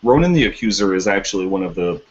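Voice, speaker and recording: A man co-hosting a casual podcast chat, opinionated and quick to argue his point. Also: low-pitched, lively intonation. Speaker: podcast co-host. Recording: dull lo-fi podcast audio.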